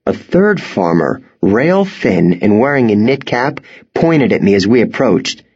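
A man with a husky voice narrates an audiobook at an unhurried, measured pace. His pitch stays lively as he reads. The recording sounds dull and lo-fi. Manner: slow, measured.

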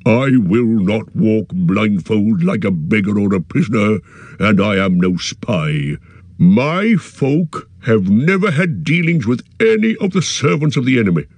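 Man doing a gruff, stubborn dwarf. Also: on the low side, darkish tone, dry recording. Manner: defiant, blunt. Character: stubborn proud male dwarf warrior.

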